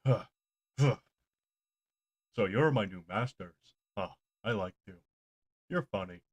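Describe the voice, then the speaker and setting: A man's voice: on the low side, expressive, a little slow, husky. A man doing Old Duke, a mischievous old talking mastiff. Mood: gruff.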